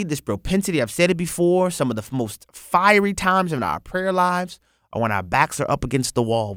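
A man's voice: medium pitch, a bit bright, no room sound, clean studio sound. A man hosting a religious radio program, preaching earnestly and repeating phrases for emphasis.

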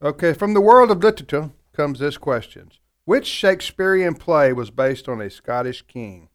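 A man's voice: a little high, expressive, normal speed. Joking, rambling man hosting radio trivia. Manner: joking, rambling, self-deprecating. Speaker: radio show host. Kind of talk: casual radio trivia banter. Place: radio studio.

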